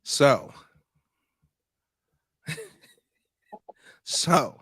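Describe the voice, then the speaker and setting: A man's voice: very slow, a bit bright, no echo, clean studio sound. A man hosting a podcast, casually breaking down a video with loose, profane talk and frequent laughs. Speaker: podcast host.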